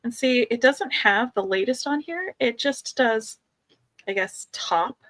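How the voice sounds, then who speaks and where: A woman's voice: on the high side, expressive, measured pace, a bit bright, dry recording. A woman co-hosting a casual beading livestream from home, chatty and teasing, laughing often.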